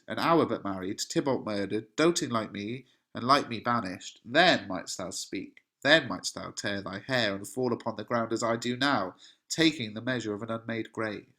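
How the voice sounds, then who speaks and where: A man's voice: mid-range voice, moderate pace, a bit bright, natural voice. A man reading the lines of an over-emotional young male lover in a dramatic, self-pitying way. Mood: despairing.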